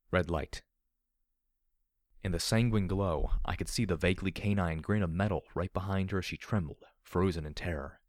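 A man narrating a first-person story in a steady, grave reading. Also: deep voice, dry recording, studio quality. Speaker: audiobook narrator.

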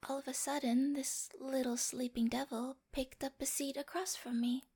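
A woman voicing a sweet but obsessive young girlfriend with a dark streak in a whispered role-play, speaking straight to the listener with giggles and coaxing whispers. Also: high-pitched, flat delivery, normal speed, slightly rough. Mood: creepy adoring. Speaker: voice actor in listener-addressed audio drama.

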